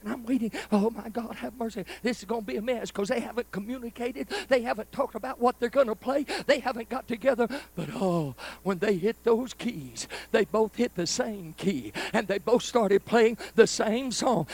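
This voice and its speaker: A man preaching a storytelling sermon at a live church service, speaking folksy and direct to the congregation, swinging from loud bursts to hushed asides. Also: high-pitched, moderate pace, gravelly, hardly any pauses, slightly rough, dry recording.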